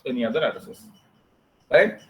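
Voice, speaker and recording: Repetitive lecturer. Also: male voice, mid-range voice, sing-song, fairly bright tone, low-quality recording. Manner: repetitive, drawn-out, checks in with students. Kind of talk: classroom lecture on programming.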